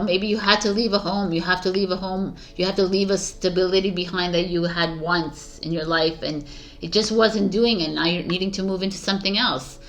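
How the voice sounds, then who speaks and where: A woman's voice: lowish voice, a bit bright. A woman giving a casual, rambling tarot reading straight to her viewers, enthusiastic and full of restarts. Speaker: tarot reader.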